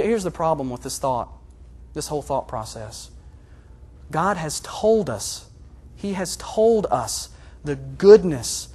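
A man preaching a sermon in an earnest, confessional way, moving between hushed and loud passages. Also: on the high side, slightly rough. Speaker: pastor.

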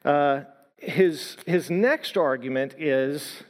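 A man preaching a sermon in earnest, measured phrases, slowing down to stress quoted lines. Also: on the high side, animated, slight background noise. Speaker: pastor. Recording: long hall reverb.

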